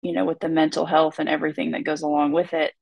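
A woman's voice: low voice, level tone, quick pace, gravelly, darkish tone, no echo. A woman co-hosting a podcast, speaking in an earnest, reflective way. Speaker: podcast co-host. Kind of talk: candid conversational podcast talk.

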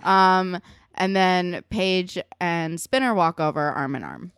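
A young woman co-hosting a casual TV recap chat, animated and acting out characters' lines as she goes. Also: on the low side, slow pace, clear, resonant tone, no room sound, clean studio sound. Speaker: podcast co-host.

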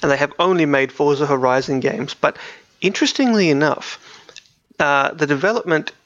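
A man's voice: a little high, normal speed, fairly bright tone, highs cut off. A man co-hosting a video game podcast in casual, rambling chat, with frequent restarts and fillers. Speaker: podcast co-host.

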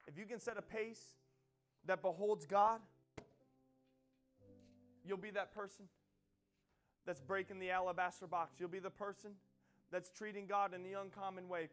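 A man preaching a sermon with passion, repeating phrases and building to loud emphatic peaks. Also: high-pitched.

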